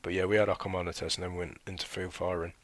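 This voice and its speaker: Recounting his military training as an ex-recruit, a British man in his thirties rambles chattily in a casual vlog, leaning on slang and fillers. He talks fast in a low, flat voice, recorded with no echo.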